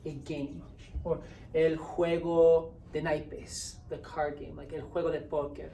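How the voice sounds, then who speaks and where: Woman teacher going slow through a grammar lesson, lowish voice, faint hiss behind. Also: level tone, creaky, warm tone. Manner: patient, explaining step by step, checks in with "right?". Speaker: Spanish teacher. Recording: roomy echo, distant mic, faint hiss.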